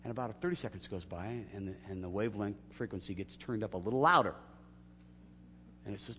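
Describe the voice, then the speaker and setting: Pastor guy preaching, acts out the conversations, goes quiet then loud, low-ish voice in a big echoey hall. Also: fast talker, a little hiss or hum. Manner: storytelling, acting out dialogue with big swings from hushed to loud. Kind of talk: sermon.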